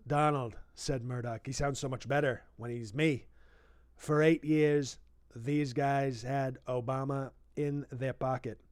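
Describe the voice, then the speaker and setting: A man's voice: medium pitch, steady tone, unhurried, no room sound, studio quality, close to an everyday voice. A man doing a comic impression of a boastful older male politician, reading a book aloud and breaking off into rambling, self-praising asides.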